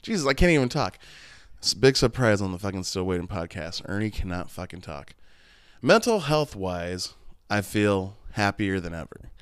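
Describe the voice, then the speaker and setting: A man's voice: low-pitched, big pitch swings, normal speed, clean tone, no echo, studio quality. A man in his thirties hosting a casual solo podcast, rambling and candid with plenty of swearing. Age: 30s. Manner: rambling, profane and candid, with many restarts and laughs. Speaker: podcast host.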